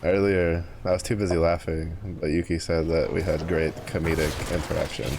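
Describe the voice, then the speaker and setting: A woman's voice: very deep voice, level tone, fairly quick, noisy background. A woman in casual chat on a stream, teasing her friend and laughing often.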